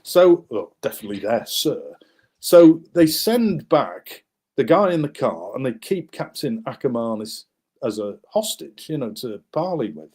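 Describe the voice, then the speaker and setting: A man's voice: medium pitch, a little slow, slightly rough. A man, guest author, animatedly recounting a wartime story while showing maps, with many fillers and restarts. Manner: animated, acts out the people in his story.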